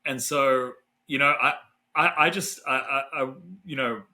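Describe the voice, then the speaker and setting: A man's voice: medium pitch, steady tone, unhurried, pushed and bright, poor audio. A middle-aged Australian man, a neuroscientist guest, tells a story in a casual, rambling way with lots of fillers and restarts.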